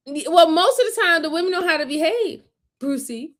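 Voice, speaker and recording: A woman with a New York accent, co-hosting a casual reaction commentary in an animated way, often repeating her words. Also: sits high, normal speed. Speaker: co-host.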